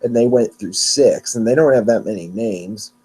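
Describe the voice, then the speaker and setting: A man's voice: lowish voice, moderate pace, darkish tone, breathy edge. A man hosting a weather podcast on his own, talking casually and rambling, often restarting and correcting himself, a little sleepy. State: yawning, sleepy. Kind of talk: casual solo podcast talk.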